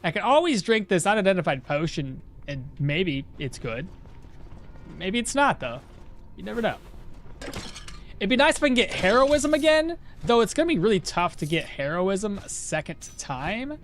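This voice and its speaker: A man's voice: high voice, very animated, moderate pace, fairly bright tone. A man streaming a game live, chatting casually with his viewers and laughing often as he plays. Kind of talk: live gameplay commentary to chat.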